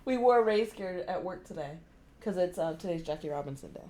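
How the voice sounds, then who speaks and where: A woman's voice: on the low side, expressive, fairly quick, mellow. A woman co-hosting a book club podcast in casual chat, teasing and giggly. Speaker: podcast co-host.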